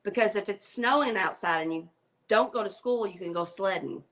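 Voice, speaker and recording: A woman's voice: medium pitch, moderate pace, a bit bright. A woman chatting on a casual live stream, playful and emphatic, teasing the others.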